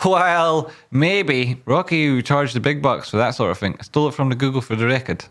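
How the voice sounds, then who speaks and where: A man's voice: medium pitch, fairly quick, fairly bright tone. A man hosting a casual live stream, joking and teasing as he reads viewer comments aloud and hypes up a guess-the-tune game.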